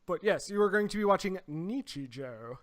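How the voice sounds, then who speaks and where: A young man with a high voice co-hosts a loose anime podcast. He talks in rambling, excitable bursts and often trails off mid-thought. He speaks into a desk mic. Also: moderate pace. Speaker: podcast co-host. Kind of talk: casual chat. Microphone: desk microphone.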